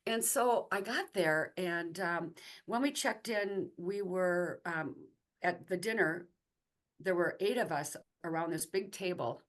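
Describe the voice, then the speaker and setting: Middle-aged woman, lowish voice, telling her faith story, lots of ums and restarts. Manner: conversational, halting with fillers and restarts. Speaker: guest. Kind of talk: personal faith testimony told as a story.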